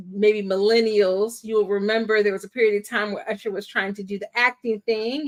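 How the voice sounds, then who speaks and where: A woman's voice: fairly high pitch, a bit bright. A woman in her thirties, a film critic and YouTuber, chatting playfully as host of a live-stream movie watch party. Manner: chatty and playful, laughs and sings little rhymes. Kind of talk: casual live-stream chat.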